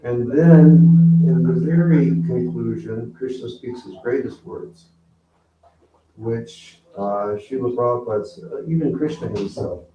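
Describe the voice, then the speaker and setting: A man giving an evening spiritual talk as a guru, gentle and unhurried, often pausing and quoting scripture to a gathered audience. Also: mid-range voice. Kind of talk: sermon. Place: hall during an evening program. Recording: roomy, distant, dull lo-fi recording with faint noise.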